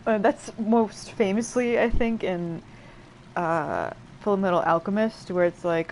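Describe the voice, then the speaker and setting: A woman's voice: on the low side, a little hiss or hum, rough recording. Chatty woman narrating a game playthrough. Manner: chatty, rambling, many fillers and self-interruptions; paraphrases game dialogue in quick lively asides. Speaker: let's play host translating a game. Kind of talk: casual gameplay commentary.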